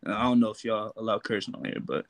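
A man's voice: on the low side, steady tone, quick pace, dry recording, rough recording. A man joining a casual basketball debate, talking in a loose, slangy way full of "like" and the odd curse word.

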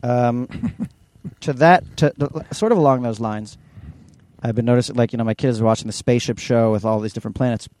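A middle-aged man co-hosting a podcast, ranting animatedly in casual chat and mimicking others in high voices. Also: brisk, darkish tone, no echo. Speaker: podcast co-host.

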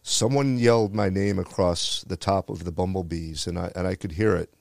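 Speaking at a normal speed with a steady tone, this deep-voiced man has vocal fry and a slightly mellow quality. He's a retired firefighter from the Bronx, New York, sharing a personal story earnestly and from the heart, with phrases he keeps coming back to. There's no room sound, and it's studio quality.

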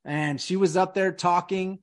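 Male podcast host, high-pitched, emphatic and repetitive, casual chat. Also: fairly even intonation, measured pace. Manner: emphatic, repeats words and restarts often.

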